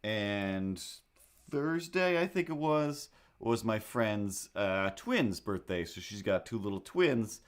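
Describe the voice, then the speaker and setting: Hosting a livestream, a young man with a fairly low, sing-song voice talks slowly while getting set up to draw. He chats casually, rambling and joking at his own expense.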